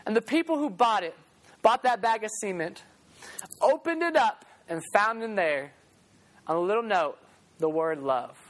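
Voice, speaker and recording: Young guy preaching loud, high voice, really animated, laughs a lot. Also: normal speed, pauses often. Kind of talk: sermon.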